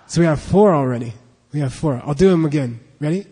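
A man's voice: on the high side, fairly quick, warm tone, slightly rough. A man teaching a class, leading a pronunciation drill and patiently repeating syllables for students to echo. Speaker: language teacher. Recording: long hall reverb.

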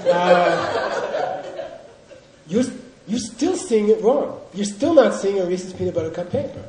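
A man teaching Buddhist philosophy to a class, drilling students in call-and-response and coaxing them with teasing, animated prompts. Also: high-pitched, reverberant, a little hiss or hum, rough recording.

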